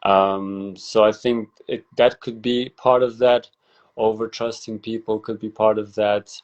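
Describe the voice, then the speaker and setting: Man, low voice, hesitant, reflective, many fillers, muffled lo-fi sound. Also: flat delivery, a little slow. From Afghanistan. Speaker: podcast guest. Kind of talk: casual conversation.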